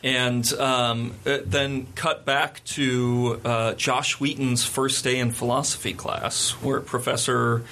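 A man in a casual chat, an animated storyteller who laughs often while retelling a film plot. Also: medium pitch, slow pace, hardly any pauses, slight background noise.

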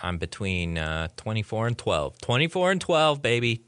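A man's voice: on the low side, very animated, moderate pace, a bit bright, smooth, no room sound. A man co-hosting a podcast, playfully putting on a radio-DJ patter.

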